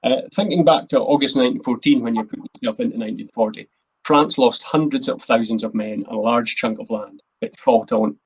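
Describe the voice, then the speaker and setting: A man's voice: mid-range voice, fairly quick, husky, lo-fi sound. A man, the host and a historian, giving an earnest, emphatic history talk from his notes. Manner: earnest, emphatic, quotes speeches in a plain voice.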